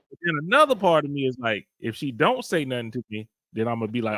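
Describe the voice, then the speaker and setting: A married man co-hosting a casual podcast, talking in a rambling, halting way with many restarts. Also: mid-range voice, very animated, a bit bright. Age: adult married man. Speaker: podcast co-host. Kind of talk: casual chat.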